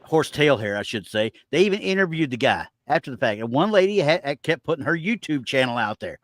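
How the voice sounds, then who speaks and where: A man's voice: on the high side, sing-song, a little fast, fairly bright tone, no echo. Exasperated man ranting on a podcast. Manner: exasperated ranting, reading comments aloud. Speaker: podcast co-host. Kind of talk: casual podcast chat.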